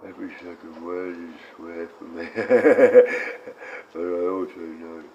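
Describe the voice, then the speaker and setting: A man's voice: deep voice, steady tone, slow, warm tone. A blunt Australian man in his sixties, chatting loosely on a live stream, reading comments and talking to his dogs. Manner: blunt, rambling, reads chat aloud and talks to his dogs. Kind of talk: casual live-stream chat. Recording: dull lo-fi stream audio with faint noise.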